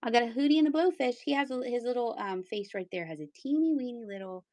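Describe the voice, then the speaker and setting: A middle-aged Pennsylvania woman hosts a casual live-stream sale, chatting playfully with giggles and sing-song asides. Her voice is fairly high and darkish in tone, and she talks fast.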